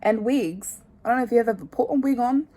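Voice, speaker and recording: A young woman in her twenties chatting to her phone camera, rambling and candid, often trailing off quietly. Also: fairly high pitch, a little fast. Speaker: vlogger. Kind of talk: casual chat to camera. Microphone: phone held at arm's length.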